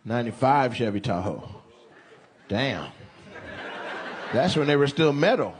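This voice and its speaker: Comedian guy ribbing the crowd, voice jumps all over, slow drawl, loud live audience. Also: medium pitch, animated, noisy background. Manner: teasing, playful banter with the audience. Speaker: stand-up comedian. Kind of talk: stand-up crowd work. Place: comedy club stage. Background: audience laughter.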